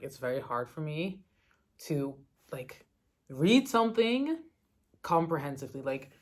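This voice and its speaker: A young woman from the Netherlands chatting casually as a book vlogger, answering questions with lots of fillers and little laughs. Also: sits low. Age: young adult. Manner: chatty, many "like" fillers, giggly asides. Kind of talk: casual chat answering a reading tag.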